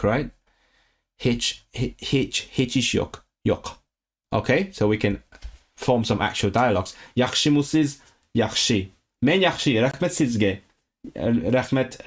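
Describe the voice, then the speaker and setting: On a livestream for his chat, a man from Hong Kong works on learning a language, pronouncing words slowly, repeating them, and fixing his own mistakes aloud. His voice is medium in pitch.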